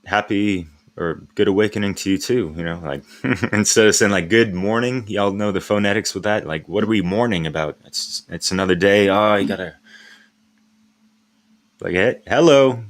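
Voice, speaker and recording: Laid-back, slangy man with a lowish voice. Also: moderate pace. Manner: laid-back, rambling, slangy, laughs often. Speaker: live stream host. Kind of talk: casual live-stream chat.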